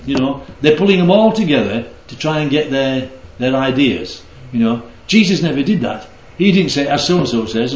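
A man leads a Bible study with a lively, rising and falling voice, constantly checking in with his listeners. The sound is roomy and a little dull. He teaches in an interactive, conversational way. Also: mid-range voice, a little hiss or hum. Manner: keeps checking in with the group. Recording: roomy, slightly dull recording.

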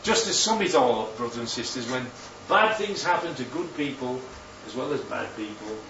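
A man preaching a sermon, animated and full of rhetorical questions, his voice leaping up for emphasis. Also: mid-range voice, normal speed, slight background noise. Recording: roomy, distant, dull sound with faint ambience.

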